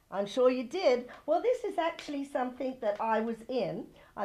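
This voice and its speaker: A woman hosting a chatty local TV show, effusive and gushing as she introduces her guest. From not from Santa Barbara. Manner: effusive and gushing, high-spirited sign-offs. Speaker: TV show host.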